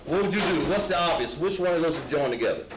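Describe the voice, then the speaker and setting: A man's voice: fairly high pitch, expressive, fast. A man with a Southern American accent, patiently explaining a lettering lesson step by step to a class. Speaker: Hebrew lettering teacher. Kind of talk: classroom instruction. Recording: echoey room with background noise.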